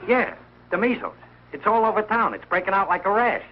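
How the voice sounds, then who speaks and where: A blustering radio-sitcom dad. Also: male voice, a little high, moderate pace. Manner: excitable, lively, self-pitying. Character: blustering, sentimental working-class family man. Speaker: father of the household. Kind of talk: 1940s radio sitcom acting. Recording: dull old radio broadcast with faint hiss.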